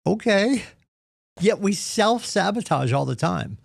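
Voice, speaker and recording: The real estate team leader here has a high, animated, creaky voice and speaks slowly, captured in clean studio sound with no echo. His morning-meeting pep talk is earnest and punchy, and he voices people's excuses as he quotes them.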